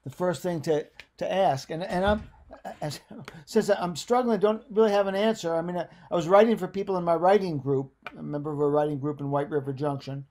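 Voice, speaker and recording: Male workshop attendee on a video call, raised pitch, mellow and hesitant. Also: steady tone. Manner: hesitant, halting. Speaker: aspiring writer asking a question.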